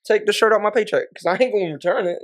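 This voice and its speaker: A man's voice: sits high, very fast. A man on a podcast telling a casual, profane story in a laid-back way, often breaking into laughter. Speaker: podcast guest.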